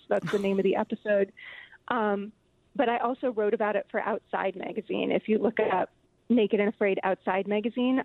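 A woman author talking about her book in a radio interview, thoughtful and halting, with many fillers. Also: medium pitch, no room sound. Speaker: author guest. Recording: tinny phone line.

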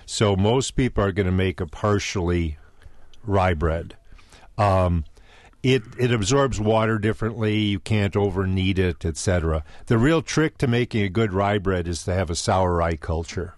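A man's voice: low voice, moderate pace, dry recording, studio quality. A man who teaches baking, a radio guest explaining recipes in a knowledgeable way with some hesitant restarts. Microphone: studio microphone.

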